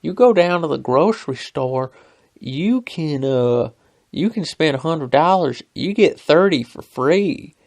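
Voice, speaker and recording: A man's voice: on the high side, lively intonation, measured pace, pitched above the performer's own voice. A man doing a twangy Alabama coworker. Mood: insistent. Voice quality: twangy, raised. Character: higher-pitched coworker with Alabama twang, haggling.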